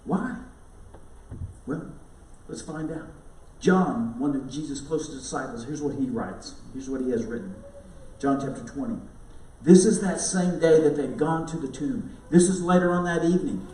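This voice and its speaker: High-voiced pastor preaching in an echoey church. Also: male voice, expressive, normal speed, dark tone. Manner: conversational, storytelling with asides to the congregation. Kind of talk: sermon. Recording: roomy echo, mic at a distance.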